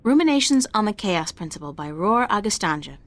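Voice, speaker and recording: A woman's voice: mid-range voice, big pitch swings, brisk, no echo. An actress voicing a young female adventure-game heroine who makes dry, wry remarks on what she sees. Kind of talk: video game voice acting.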